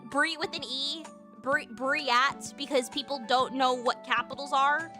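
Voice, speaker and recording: A woman's voice: high-pitched, steady tone, measured pace, music in the background. A woman streamer in casual, bubbly, profane chat with her viewers.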